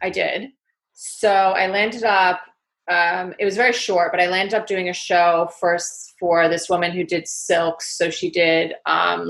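Her pitch sits on the low side as she, an energetic, talkative interview guest with a New York accent, loosely recounts her story in a rambling way.

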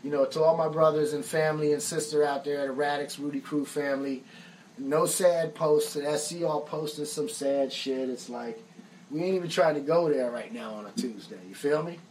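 A man's voice: fairly high pitch, steady tone, normal speed, darkish tone, recorded from a distance, slight background noise, low-quality recording. An American musician and songwriter telling stories casually on a live stream, laid-back and profane, saying "man" often. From United States. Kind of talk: casual storytelling.

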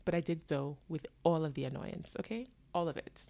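A woman in her twenties telling her own story to her viewers, dramatic and animated, laughing often and acting out the people in it. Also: deep voice, vocal fry. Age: 20s. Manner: voices herself and others in quick asides. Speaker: vlogger. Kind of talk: storytelling to camera.

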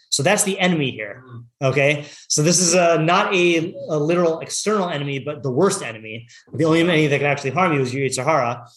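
A man's voice: medium pitch, quick pace. Man, rabbi, weekly class, casual teaching, frequent fillers, restarts, reads texts aloud. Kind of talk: informal text study class.

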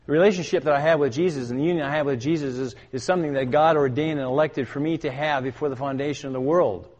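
An older man preaching a sermon as a pastor. He speaks with emphasis, asks his listeners questions and builds to loud, urgent commands. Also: on the high side, quick pace, highs cut off. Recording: long hall reverb.

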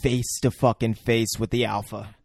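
A man's voice: lowish voice, little pitch movement, normal speed, creaky, darkish tone, husky, no room sound. A man in casual, profane conversation about a movie, explaining his points at length. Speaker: podcast co-host.

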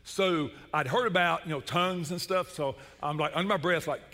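Male pastor, middle-aged, lively comic storyteller, bright tone in a reverberant church. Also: fairly high pitch, moderate pace, few pauses. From Chattanooga, Tennessee. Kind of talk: sermon with storytelling.

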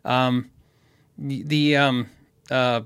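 A man hosting a casual livestream, answering viewer questions in a halting, rambling way with many restarts. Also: mid-range voice, steady tone, a bit bright, clear, resonant tone, no room sound, clean studio sound.

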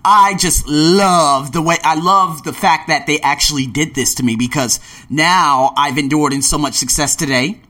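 A vlogger in his late twenties shares casual travel tales, playing out moments with gasps and little voices. His voice is slightly high with a sharp tone, at a moderate pace.

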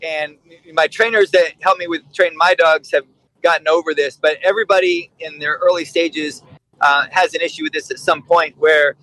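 High-voiced, animated male dog trainer. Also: normal speed, no room sound, rough recording. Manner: animated, acts out quoted voices and swears for emphasis. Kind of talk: casual conversation.

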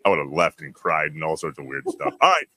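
Bright, wisecracking male podcast host. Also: rumbling low, very animated, a little fast. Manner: wisecracking, joking asides. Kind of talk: casual interview banter.

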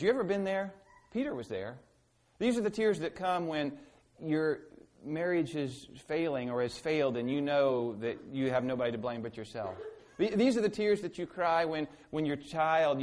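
A man's voice: fairly high pitch, a little mellow. A man preaching a sermon as pastor, earnest and asking his listeners direct questions.

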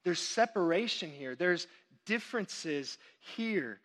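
A young Texan man preaching a sermon as a pastor, telling stories with quick asides. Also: high voice. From Texas. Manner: animated storytelling with quick asides.

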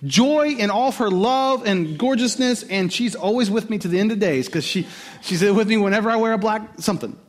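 Man, pastor, sermon, somewhat high pitch, conversational, animated delivery. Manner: conversational, animated preaching with quick asides.

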